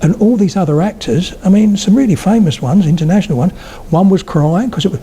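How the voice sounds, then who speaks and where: In a high-pitched, mellow voice that runs a little fast, an older man lectures on spoken English to about eighty people gathered for a public talk. He tells anecdotes chattily and checks in with his listeners, and there's a little hiss or hum.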